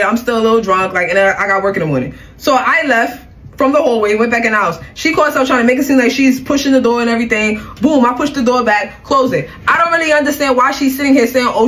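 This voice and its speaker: A woman's voice: on the high side, fairly bright tone. A young woman telling a personal story in a casual vlog, blunt and heated, with plenty of slang and cursing.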